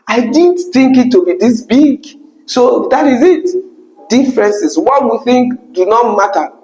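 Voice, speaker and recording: A young man telling an emotional personal story, animated and breaking into high exclamations. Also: poor audio. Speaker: vlogger.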